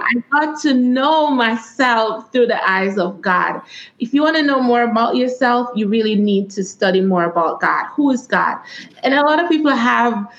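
A woman with a Jamaican accent answering interview questions as a guest author and coach, earnest and quick to laugh. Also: a little high, fairly bright tone. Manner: earnest, testimonial, laughs often. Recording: echoey, dull lo-fi room sound.

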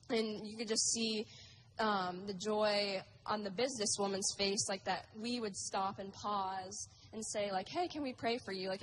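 A woman's voice: mid-range voice, noisy background. A teenage girl sharing a testimony at church, chatty and giggly, with lots of "like"s. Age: teens.

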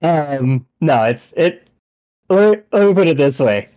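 Guy on a podcast, swears a lot, laughs thru his stories, pretty animated. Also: a little high, a little slow, a little hiss or hum. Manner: profane, laughing, animated storyteller. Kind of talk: casual chat.

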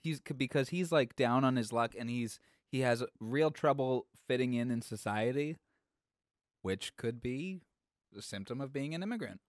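A man co-hosting a podcast in casual chat, animated and thoughtful. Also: medium pitch, normal speed, dry recording, clean studio sound. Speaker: podcast co-host.

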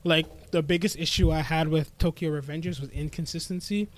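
A man co-hosting a casual anime podcast, recapping episodes with quick mock voices and frequent laughs. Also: fairly high pitch, steady tone. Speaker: podcast co-host. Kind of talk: casual chat.

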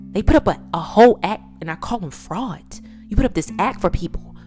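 A woman giving an unscripted motivational talk, her voice swinging between hushed near-whispers and loud emphatic bursts. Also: medium pitch, animated, moderate pace. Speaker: podcaster sharing personal testimony. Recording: guitar music playing under voice.

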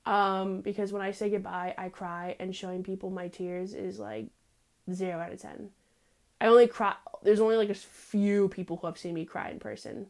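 Young woman host, brash, foul-mouthed, chatty confessional monologue, mid pitch. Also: little pitch movement, moderate pace, creaky, darkish tone. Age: young adult. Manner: profane, sassy, rambling, slangy.

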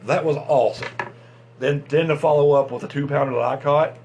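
Rambling, excitable man chatting about tackle. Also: on the high side, a little fast, slight background noise. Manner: rambling, excitable, lots of restarts and fillers. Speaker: fishing channel host. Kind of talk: casual chat reviewing fishing tackle.

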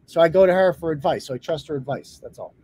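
A man with a slightly high, mellow, breathy voice talks fast, with no room sound. He's hosting a live talk show, chatting casually and bluntly, rambling and swearing freely.

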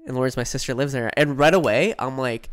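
A young man with a smooth, clear voice at an ordinary middle pitch, co-hosting a casual podcast. He rambles through a long personal story, leaning on "like" and "right?" and slipping into other people's voices when he quotes them. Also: fast talker. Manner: rambling, peppers sentences with "like" and "right?"; acts out quoted voices while telling stories. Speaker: podcast co-host.

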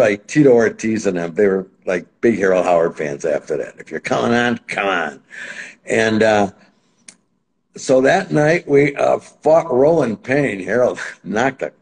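Guest, male, lower voice, lively storyteller who acts out what people said. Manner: animated, acts out quotes in other voices. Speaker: interview guest. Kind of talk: casual anecdotal storytelling.

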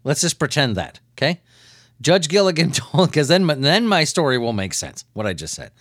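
A man hosts a comedy news podcast, riffing on stories in a loose, profane, rambling way and chuckling frequently. His voice is a little high and a bit bright with big pitch swings at a moderate pace, captured in a dry, clean studio recording.

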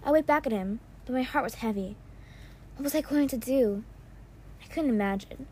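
High-voiced woman reading a storybook. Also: moderate pace, warm tone, a little hiss or hum. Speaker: audiobook reader. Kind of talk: first-person storybook narration.

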